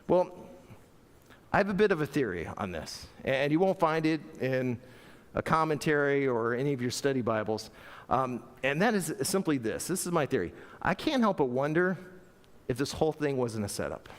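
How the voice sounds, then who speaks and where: Middle-aged male pastor, lively sermon delivery, high voice, big reverberant sanctuary. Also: normal speed. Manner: animated, playful, acts out voices with laughter. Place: church sanctuary. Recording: long church reverb.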